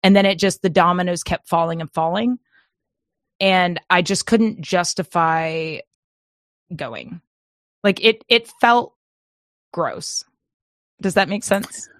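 Rambling, animated woman storyteller. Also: fairly low pitch, slow, pauses often, no echo, clean studio sound. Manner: rambling, animated, laughing often. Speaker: podcast co-host. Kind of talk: casual storytelling chat.

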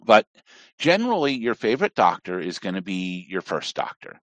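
A man's voice: lowish voice, moderate pace, no room sound. A man from Appalachia, chatting casually on a podcast and rambling off on tangents. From Southern Appalachia, US. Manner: rambling, digressive, animated. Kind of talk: casual conversation.

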